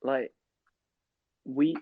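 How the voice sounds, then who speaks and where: A man co-hosting a casual podcast, excitable, swearing and laughing often. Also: very slow, no echo. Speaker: podcast co-host. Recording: dull lo-fi dry mic.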